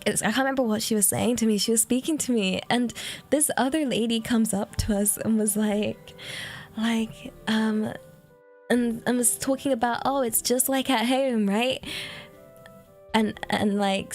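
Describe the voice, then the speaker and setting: A woman's voice: on the high side, steady tone, moderate pace, darkish tone, faint music behind. A British woman streamer chatting casually, rambling and giggling, with lots of fillers. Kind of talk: casual chat.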